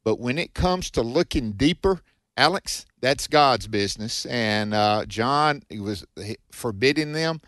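A man's voice: medium pitch, expressive, fairly bright tone, no room sound, clean studio sound. Southern man hosting a Bible call-in show. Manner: homespun, slow and halting. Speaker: radio host.

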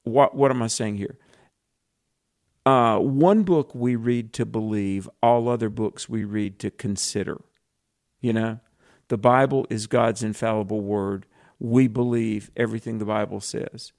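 A man's voice: lowish voice, a little slow, a little mellow. A man with a Southern US accent, co-hosting a Christian radio talk show in an earnest, preacherly way. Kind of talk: casual radio chat.

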